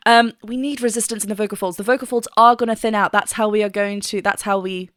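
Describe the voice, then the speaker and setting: A woman's voice: mid-range voice, steady tone, fast talker, fairly bright tone, dry recording. A woman vocal coach chatting enthusiastically as she reacts to a song and explains singing technique. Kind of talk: casual reaction and vocal analysis.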